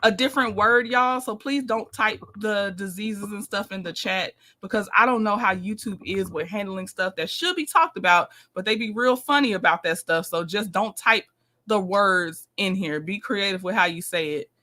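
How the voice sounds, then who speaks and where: Woman, livestream host, bright and forceful voice, chatty and direct with her chat. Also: medium pitch, moderate pace. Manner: chatty, talks to viewers, reads texts aloud. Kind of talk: casual live commentary.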